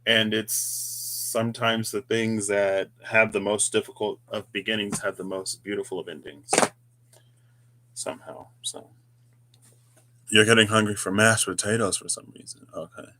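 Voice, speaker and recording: Steady in tone and bright with a forceful edge, this fairly low male voice moves at a moderate pace. He's the host of a tarot channel, thinking out loud in a casual, meandering reflection peppered with conversational tangents.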